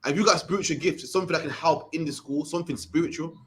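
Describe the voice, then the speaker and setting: A young Birmingham man teaches a scripture class at a fast clip, his voice a little high for a man and somewhat bright. His style is streetwise and conversational, and he keeps ending phrases with "man."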